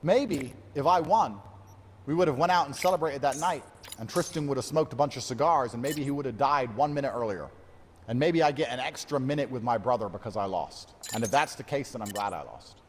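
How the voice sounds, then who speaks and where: A man's voice: medium pitch, animated, a little fast, big-room sound, a little hiss or hum. A man in his thirties, a fighter, talking in a brooding, self-pitying monologue laced with swearing. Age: 30s. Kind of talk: emotional monologue.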